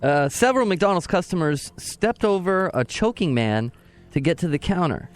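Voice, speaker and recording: A man's voice: on the high side, lively intonation, normal speed, faint music behind. Dry male co-host reading headlines. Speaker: co-host reading news items. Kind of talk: comedic news chat.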